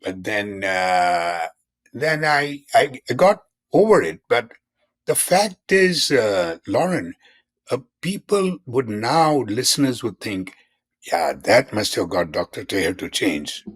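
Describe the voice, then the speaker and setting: A man's voice: medium pitch, sing-song, slow pace, husky. An older man in his seventies, a physician guest in a conversational interview, who explains in an earnest way and repeats key terms.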